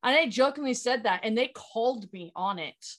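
A woman co-hosting a podcast, chatting casually with joking, quick banter. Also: fairly high pitch, expressive. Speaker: podcast co-host.

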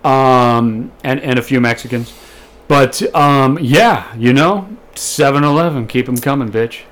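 A young man co-hosting a podcast, joking crudely and trolling in a deadpan way. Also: medium pitch, measured pace. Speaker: podcast co-host. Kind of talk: casual chat.

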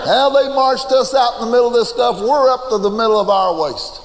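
Older preacher, folksy and emphatic, church echo. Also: male voice, extremely high pitch, fairly quick. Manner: folksy storytelling, emphatic refrains. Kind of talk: sermon with personal story. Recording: long reverb in a church hall.

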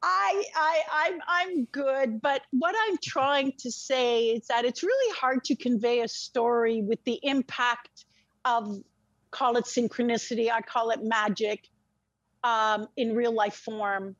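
An intense woman with a high voice speaks frankly, often swearing and restarting her words. The recording is dry and slightly dull, with no room sound. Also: a little slow, a bit bright, no echo. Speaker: podcast guest. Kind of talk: emotional personal storytelling.

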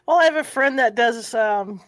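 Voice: medium pitch, normal speed, fairly bright tone, no room sound. An interviewer who asks questions casually, often stumbling and repeating words, with frequent murmured agreement.

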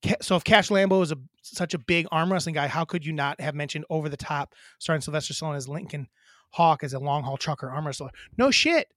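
A man's voice: on the high side, fairly even intonation, quick pace, a bit bright, no room sound, clean studio sound. A man co-hosting a podcast in a casual, rambling chat, joking and swearing. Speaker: podcast co-host.

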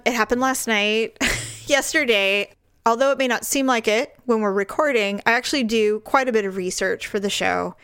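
A middle-aged woman co-hosts a podcast in relaxed, animated chat. Her voice sits a little high, and she laughs often while acting out the voices in her stories. The recording is close and dry, with no room sound. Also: normal speed, clean tone, no room sound. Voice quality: lively, laughs often, acts out quoted voices. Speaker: podcast co-host. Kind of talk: casual chat, animated storytelling.

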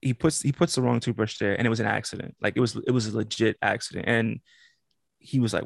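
A man's voice: medium pitch, steady tone, fast, vocal fry, no room sound, clean studio sound. A man co-hosting a podcast, telling a story in casual chat, acting out the quotes and laughing often. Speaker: podcast co-host.

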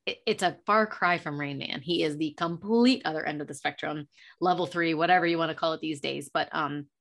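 Low-pitched woman, earnest podcast guest, hesitant phrasing. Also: fairly quick, vocal fry, fairly bright tone. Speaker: podcast guest, parent of an autistic child. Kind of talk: casual conversational chat.

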